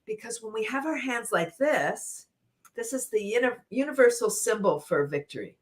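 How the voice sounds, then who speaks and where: A woman leads laughter yoga on a talk show, full of giggles and cheery chants. Her voice sits a bit high and leaps all over the place. She sounds bubbly and eager to get everyone playing along. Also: animated, moderate pace. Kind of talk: guiding group exercises on a talk show.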